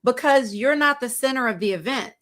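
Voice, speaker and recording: A woman co-hosting a podcast, speaking in a measured, reassuring, reflective way. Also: a little high, a bit bright. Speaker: podcast co-host, former news anchor. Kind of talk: casual chat.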